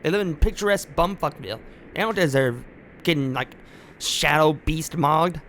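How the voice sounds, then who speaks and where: A man's voice: a little high, normal speed, a bit bright, a little hiss or hum. A man streaming a driving game, talking in rambling, joking asides full of fillers. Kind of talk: casual gameplay commentary.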